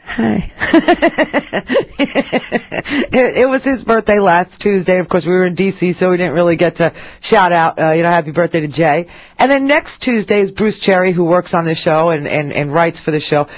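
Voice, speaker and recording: A woman's voice: lowish voice, animated, normal speed, no room sound, dull audio. Chatty woman radio host, rambling and wry. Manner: chatty, rambling, self-mocking, many fillers and restarts. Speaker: radio talk show host. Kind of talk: casual on-air monologue.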